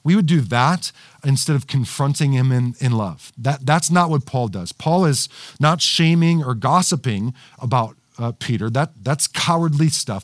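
A man's voice: a little high, no room sound, studio quality. A man preaching a sermon to a livestream audience, talking casually with many fillers, restarts and frequent "right?" asides. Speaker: pastor. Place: studio with cameras and screens.

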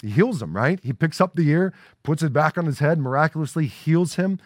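A man's voice: fairly high pitch, animated, fairly quick, dry recording, clean studio sound. Conversational male pastor preaching. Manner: conversational preaching with frequent "right?" asides. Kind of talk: sermon. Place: church sanctuary.

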